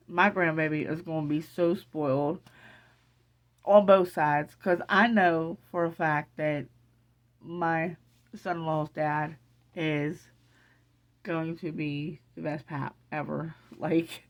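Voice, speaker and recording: A middle-aged woman in an emotional casual vlog, excited and teary, rambling with many restarts. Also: sits low, slow pace, long pauses. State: teary from crying. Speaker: vlogger.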